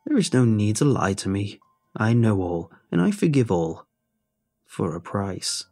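A man doing a cruel old hag with a creaking, rasping voice. She sounds gentle on the surface but hisses and cackles underneath, pitched higher than a plain male voice. Faint music plays behind her. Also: big pitch swings, unhurried. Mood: bargaining. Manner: mock-gentle, cackling, hissing.

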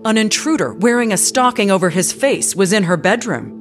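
A woman narrating a true-crime documentary in a measured, grave storytelling manner. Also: mid-range voice, animated. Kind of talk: scripted narration. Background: music under narration.

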